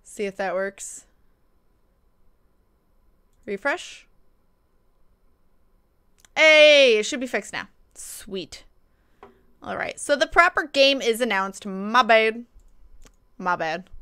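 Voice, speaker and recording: A woman's voice: mid-range voice, lively intonation, slow pace, pauses often, pushed and bright, clear, resonant tone. A woman live-streaming a game, chatting casually and thanking viewers by name, with playful mock indignation.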